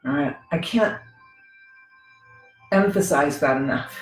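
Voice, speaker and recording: A woman leads a gentle yoga practice, talking through each pose in an easy, conversational manner and often checking in with her listeners. Her voice bounces around a very reverberant room while soft music plays faintly underneath. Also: on the low side, lively intonation, a little slow. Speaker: yoga teacher. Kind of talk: guided yoga instruction.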